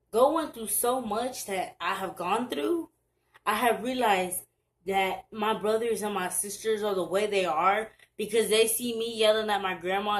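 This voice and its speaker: A woman's voice: medium pitch, low-quality recording. Earnest young woman vlogging advice. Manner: earnest, halting, with many restarts. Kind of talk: casual advice vlog. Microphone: camera mic, looking down at screen.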